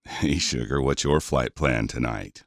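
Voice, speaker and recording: A man playing a deep-voiced flirty cowboy. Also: measured pace, dry recording, studio quality. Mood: flirting.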